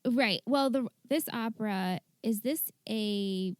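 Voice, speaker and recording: A woman's voice: a little high, slow pace, clear, resonant tone, no echo. A woman co-hosting a podcast, chatting casually, reacting and asking questions. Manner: conversational, reactive, asks questions. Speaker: podcast co-host. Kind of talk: casual chat.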